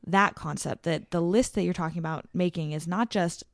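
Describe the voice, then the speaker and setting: Low-voiced affirming woman host. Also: a little fast, creaky, no echo, studio quality. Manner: affirming, enthusiastic, many short backchannels. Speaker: interview host. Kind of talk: casual interview talk.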